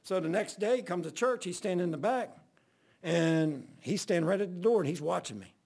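A man's voice: high-pitched, animated, a little fast, vocal fry, a little mellow, husky. A man, a pastor telling a funny story in a folksy sermon, often laughing as he goes. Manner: folksy and laughing, acts out voices.

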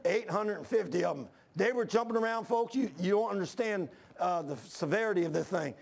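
A man preaching a fervent sermon, reading scripture aloud and rising to near shouts when worked up. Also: high voice, fairly quick, gravelly, few pauses. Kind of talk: fiery sermon.

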